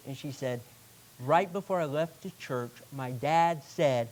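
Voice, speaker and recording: A male pastor delivers a sermon in a church, his voice sitting a little higher than most men's. He tells stories with energy, jumping to loud bursts and then slowing right down for emphasis. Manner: animated storytelling preacher, with sudden loud bursts and slowed emphatic phrases. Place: church sanctuary.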